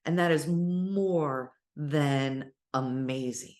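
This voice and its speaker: A woman teaching casually about spirituality, speaking in an animated, encouraging way and sometimes cheering in playful voices. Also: sits low, slow pace. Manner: warm encouraging address.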